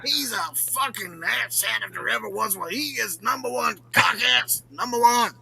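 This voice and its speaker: A crude loudmouth with a dry, heavily gravelly voice pitched way up high. He barks boastful, profane rants in a comedy podcast bit, the tone hard and piercing. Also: normal speed, heavily acted. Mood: ranting. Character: crude loudmouth older man ranting, foul-mouthed. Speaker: regular show character answering questions.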